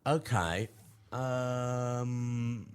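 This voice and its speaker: A man's voice: mid-range voice, extremely slow, smooth. A British man co-hosting a radio show, joking and laughing often in casual banter. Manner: playful, laughs often, repeats himself. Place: radio studio.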